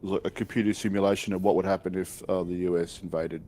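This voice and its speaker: A man with a very low, dark voice rambles through an explanation, restarting his sentences as he goes. He sounds well back from the mic, and his tone stays flat. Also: fast, a little hiss or hum. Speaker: fellow gamer. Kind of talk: casual gaming chat.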